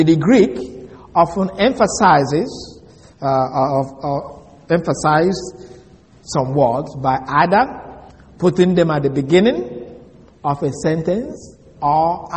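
Male preacher, mid-high voice, methodical expository teaching, big hall reverb. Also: darkish tone. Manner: deliberate, repeats key words, spells them out. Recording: long reverb of a large hall.

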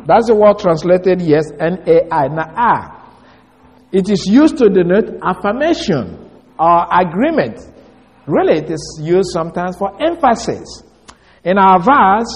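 A man with a high voice teaches from scripture in a deliberate, explanatory way, and he stops to spell out Greek words letter by letter. His voice carries a long reverb, as if he is speaking in a large hall. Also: expressive. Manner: slow, emphatic reading of scripture. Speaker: Bible teacher. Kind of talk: expository Bible teaching.

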